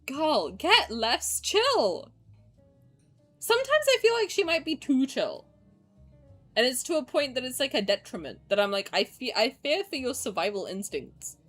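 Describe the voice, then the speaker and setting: A young woman streamer excitedly commenting on a game playthrough, swearing and laughing often. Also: high-pitched, measured pace, faint music behind.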